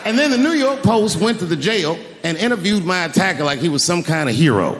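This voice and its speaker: A man's voice: high voice, brisk. A man performing a stand-up comedy set, telling stories animatedly and acting out voices on a large stage. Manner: animated storytelling, acts out voices. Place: large theater stage with audience. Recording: live hall with reverb and crowd noise. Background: audience laughter.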